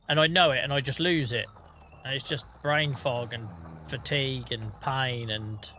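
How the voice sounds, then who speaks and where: A man's voice: medium pitch, sharp tone, slight background noise. A man streaming a farming game, chatting casually in a rambling, self-deprecating way with the odd swear. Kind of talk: casual gaming stream chat.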